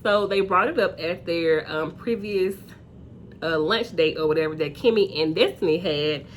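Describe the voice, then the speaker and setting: A woman hosting a casual reality TV recap, chatty and acting out quotes in high voices. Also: normal speed, a little hiss or hum.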